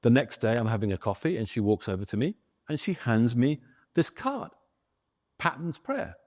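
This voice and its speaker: A man lecturing on history to a live audience, his pitch rising and falling with animation as he tells the story. He speaks at a middling pitch and turns now and then to chat with people in the room. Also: expressive, normal speed, a little mellow. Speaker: guest speaker, author.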